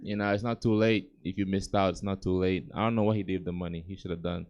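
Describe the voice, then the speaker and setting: A young man from Gambia performs stand-up at a comedy club, talking in a relaxed, conversational way. His voice sits on the lower side and sounds smooth and resonant through a handheld stage mic. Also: fast, dull audio. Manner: laid-back, conversational, chuckling at own jokes.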